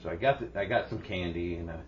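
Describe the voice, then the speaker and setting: A man's voice: deep voice, quick pace, slight background noise. A man co-hosting a podcast, telling a rambling story full of restarts. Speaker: podcast co-host. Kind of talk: casual chat. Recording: muffled, lo-fi with faint ambience.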